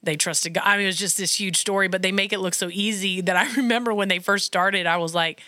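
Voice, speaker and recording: Chatty, bright-voiced woman podcast host. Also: medium pitch, steady tone, quick pace, no echo, studio quality. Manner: chatty, laughs often, rambling asides. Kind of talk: casual faith podcast chat.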